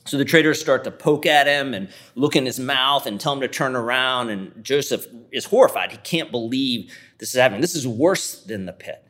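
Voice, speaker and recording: A man's voice: mid-range voice, normal speed, few pauses, a bit bright. A man preaching a sermon, retelling a scripture story in a vivid, conversational way.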